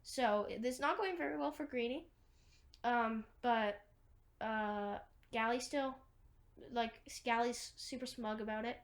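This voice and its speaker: A woman's voice: a little high, slow pace. A woman casually retelling a movie's plot, rambling with lots of fillers and restarts. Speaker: movie recapper.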